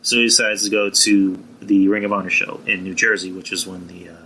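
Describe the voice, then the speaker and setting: A man hosts a live stream with a fairly low yet very bright, forward voice. He rambles casually, swears freely, and stops now and then to answer people in the chat. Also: little pitch movement, a little fast, a little hiss or hum, poor audio. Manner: rambling, profane, chatting with live viewers. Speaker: podcast host.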